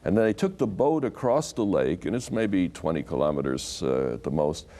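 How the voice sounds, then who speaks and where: A man teaching scripture as a guest on a talk program. His voice sits low and sounds warm and mellow. He tells the stories in an animated way and acts out the quoted lines. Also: moderate pace. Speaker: Bible scholar guest. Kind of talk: explanatory teaching in conversation.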